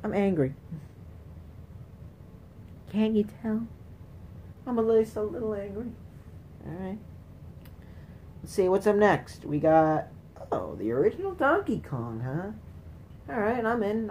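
A woman's voice: medium pitch, big pitch swings, normal speed, long pauses, mellow, a little hiss or hum. A woman giving let's play commentary, taunting enemies and shrieking in frustration at the game. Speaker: gamer playing retro games.

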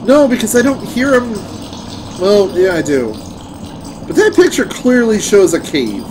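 A man's voice: sits high, big pitch swings, measured pace, background noise. A man streaming a game, chatting casually with sarcastic, playful banter and free swearing while he plays. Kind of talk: casual gameplay chat. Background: game music.

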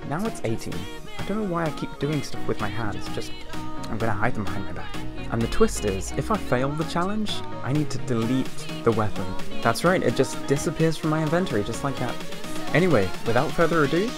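A man giving chatty, excitable gameplay commentary at home, leaning toward a mic set below him. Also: mid-range voice, brisk, music in the background. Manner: excitable, chatty, exclaims at the game. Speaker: gaming video creator. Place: home room with TV and a hot light. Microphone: mic placed below him, leans in.

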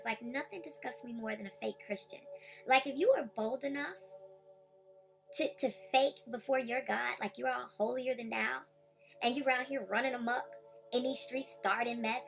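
A woman's voice: on the high side, gravelly. A woman vlogger ranting heatedly and confronting rivals directly. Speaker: YouTube commentator. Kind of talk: vlog rant.

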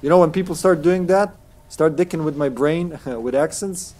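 A man's voice: a little high, normal speed, a little mellow. A man streaming a game, chatting casually, joking, swearing, and slipping into put-on accents. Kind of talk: casual gameplay commentary.

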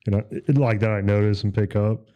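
A man's voice: lowish voice, fairly even intonation, brisk, muffled recording. A man on a podcast, talking in a laid-back, rambling way with lots of fillers and swearing. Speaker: podcast host. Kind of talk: casual chat.

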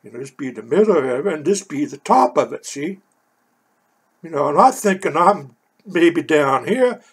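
Hoarse older man, husky and raspy, spinning a meandering personal yarn. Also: high-pitched. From Oakland, California. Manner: rambling, says "you know" constantly. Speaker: storyteller. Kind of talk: rambling personal storytelling.

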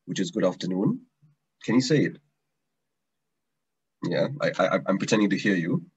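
A man's voice: low voice, breathy edge, highs cut off. A man giving an online language lesson, explaining patiently and often repeating or restarting his words. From Malaysia. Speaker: language teacher.

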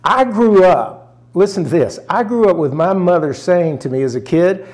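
This older interview guest from rural Arkansas has a voice that sits high, with lively intonation, a slightly mellow quality, and normal speed. He tells a personal story earnestly, often choking up, and acts out the voices of family he quotes.

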